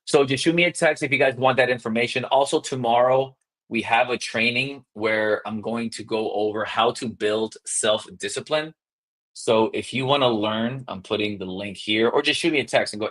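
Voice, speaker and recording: Upbeat male sales coach, quick and emphatic, mid-pitched, acts out phone scripts for trainees. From South Florida. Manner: energetic, fast, emphatic, demonstrates scripts. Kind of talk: live coaching session.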